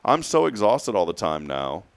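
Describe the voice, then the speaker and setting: A man's voice: sits low, big pitch swings, normal speed, vocal fry. A man in his thirties with a Texan accent, hosting a morning show and telling a long rambling story with frequent chuckles. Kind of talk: casual chat.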